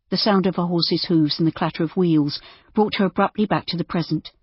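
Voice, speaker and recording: A woman audiobook narrator reading scripted narration in a steady, even storytelling manner. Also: sits low, slightly rough, no echo, highs cut off.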